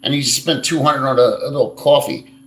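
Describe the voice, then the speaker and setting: A man chats on a live stream and talks back to viewers' comments. He is blunt and crude, swears freely and rambles from one point to the next. His voice sits at an ordinary middle pitch and bounces around a roomy, echoey space. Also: fairly even intonation, a little fast, a bit bright. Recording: echoey room.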